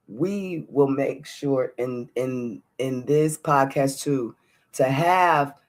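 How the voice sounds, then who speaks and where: Woman host, heartfelt solo podcast talk, earnest and open, casual direct address to her audience. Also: low voice. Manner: earnest, open, speaks straight to listeners; casual, warm address with "y'all".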